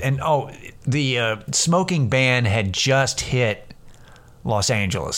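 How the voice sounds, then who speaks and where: A middle-aged male comedian hosts a casual podcast on his own, his mid-range voice slightly bright. He tells rambling, profane stories that keep restarting.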